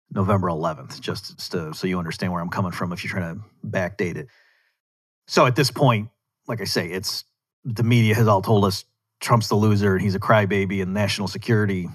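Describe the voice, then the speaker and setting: A man hosting a solo podcast, delivering conversational political commentary with rhetorical asides and an argumentative edge. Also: on the low side. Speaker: podcast host.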